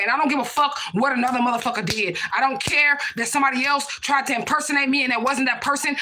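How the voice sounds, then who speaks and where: Speaking very fast with hardly a pause, a young woman with a high-sitting voice reads cards for a live stream over some background noise. She's blunt, curses often, and keeps tossing in "okay?" and "period, point blank" in her casual chatter.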